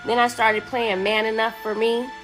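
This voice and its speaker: A woman's voice: fairly high pitch, little pitch movement, normal speed, a bit bright, faint music behind. A woman telling a personal story in a blunt, sassy, profane way. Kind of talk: casual storytelling.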